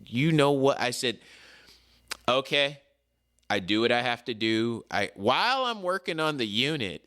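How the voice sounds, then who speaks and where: A man telling a story in a casual chat, animated and slangy, acting out the people in it. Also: medium pitch, unhurried, smooth. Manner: animated, acts out the people in his stories. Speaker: podcast co-host.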